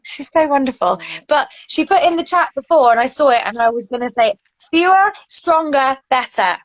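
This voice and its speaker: A woman's voice: high-pitched, expressive, normal speed, dry recording, rough recording. A woman in her thirties chatting casually as a podcast co-host, loose and laughing, with the odd swear. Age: 30s. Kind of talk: casual chat.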